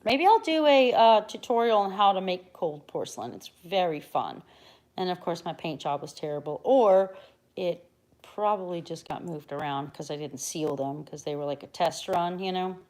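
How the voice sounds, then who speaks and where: A woman's voice: lowish voice, lively intonation, normal speed. Chatty woman rambling on a craft livestream. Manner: chatty and rambling, swings from soft mutters to loud bursts. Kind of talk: casual live-stream chat.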